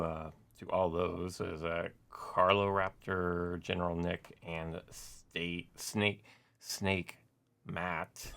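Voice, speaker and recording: A man's voice: sits low, vocal fry, a bit bright. A man giving casual, rambling gameplay commentary as a gaming YouTuber, full of "like" and "uh" fillers.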